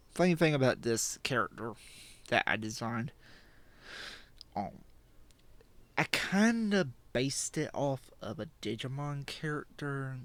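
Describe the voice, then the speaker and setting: Slow, rambling teenage boy vlogging. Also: mid-range voice, dry recording. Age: teens. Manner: rambling, self-deprecating, with frequent fillers and laughs. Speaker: channel host. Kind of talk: casual drawing vlog commentary. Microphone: desk microphone.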